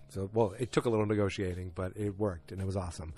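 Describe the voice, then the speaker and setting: A man's voice: deep voice, steady tone, quick pace, hardly any pauses, warm tone, soft background music. A man hosting a podcast, recapping a TV episode in a casual, rambling and enthusiastic way. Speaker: podcast host.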